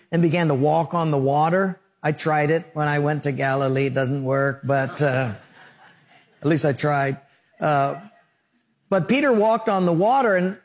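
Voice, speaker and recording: A male pastor preaching a sermon, telling stories and acting out scenes and sound effects. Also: fairly high pitch.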